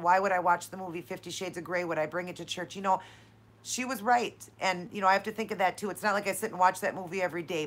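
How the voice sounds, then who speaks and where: A woman hosting a live-stream Q&A, talking straight to her viewers in an effusive, encouraging and heartfelt way. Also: lowish voice. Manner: talks straight to viewers, calling them "you guys" and "honey". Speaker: channel host answering live viewer questions.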